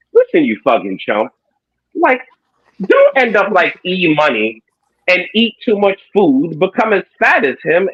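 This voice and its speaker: A man's voice: high voice, a bit bright, slightly rough, highs cut off. A man freestyling as a battle rapper, brash and taunting as he trash-talks his opponent. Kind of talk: freestyle battle rap and post-battle talk.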